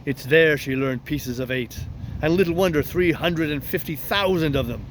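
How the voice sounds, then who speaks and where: A man's voice: on the high side, normal speed, slight background noise, lightly acted. A man playing a crafty old one-legged ship's cook, talking in a coaxing, folksy sailor's way in a storybook reading.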